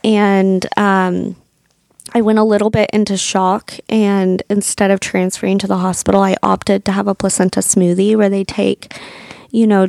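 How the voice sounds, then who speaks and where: A woman's voice: mid-range voice, vocal fry, a little mellow, dry recording, clean studio sound. A woman in her thirties, a podcast host and doula, telling her own birth story in a candid, emotional way that includes swearing.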